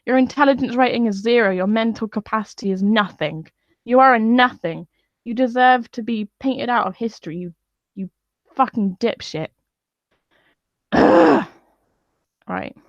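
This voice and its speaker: A woman's voice: on the high side, moderate pace, no room sound. A woman venting in a profane, scornful live-stream rant. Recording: dull lo-fi dry sound.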